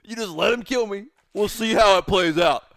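A man's voice: high voice, normal speed, vocal fry, fairly bright tone, no room sound. A man co-hosting a podcast, chatting casually with a teasing, profane sense of humor. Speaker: podcast co-host. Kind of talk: casual banter.

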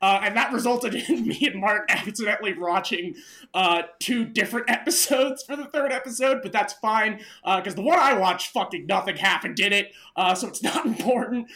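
High-voiced, loose-talking casual man. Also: normal speed. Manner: relaxed, swears freely, many fillers. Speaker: podcast co-host. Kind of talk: casual chat.

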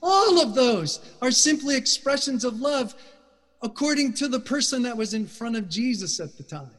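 A middle-aged man preaching a sermon in a church, passionate, loud and emphatic. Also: extremely high pitch, very animated, moderate pace. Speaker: guest speaker. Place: church sanctuary. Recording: reverberant church hall.

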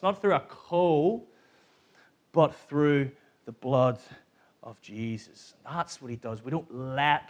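A man preaching a sermon to a congregation, talking in a lively, conversational way and putting questions to them. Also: a little high, slightly rough. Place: church hall.

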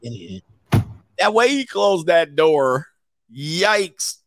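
A man's voice: on the high side, very animated, extremely slow. A middle-aged man, a dating coach, doing slangy, joking live reaction commentary with laughing asides.

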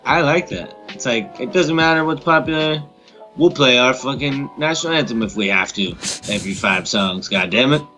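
A man's voice: medium pitch, normal speed, sharp tone, faint music behind, poor audio. A man co-hosting a casual podcast, reading out odd laws and tossing in dry quips. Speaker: podcast co-host. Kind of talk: casual chat.

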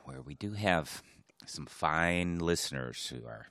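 A man's voice: low-pitched, animated, slow pace, a bit bright, smooth, no room sound, studio quality. A man co-hosting a podcast in casual chat, wisecracking and laughing often. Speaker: podcast co-host.

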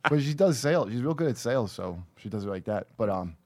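A man's voice: fairly low pitch, lively intonation, quick pace, a little mellow, no room sound. A man co-hosting a comedy podcast, rambling in loose casual chat and laughing often. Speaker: podcast co-host.

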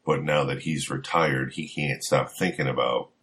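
A man with an extremely deep, husky voice trading wry jokes in a laid-back comic book discussion. He speaks as a co-host, relaxed and conversational. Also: moderate pace. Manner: wry, joking asides. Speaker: podcast co-host.

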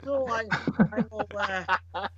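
A man with a fairly high voice, chatting casually and hesitantly among friends. He rambles through an anecdote with fillers. The sound is muffled and lo-fi. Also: takes it slowly, a loud crowd. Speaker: comic book club member. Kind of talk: casual group chat. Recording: dull lo-fi sound.

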